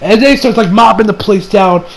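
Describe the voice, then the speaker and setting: Male reviewer with a high voice: casual, rambling, full of fillers and restarts. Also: a little fast, poor audio. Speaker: anime reviewer. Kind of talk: casual episode recap.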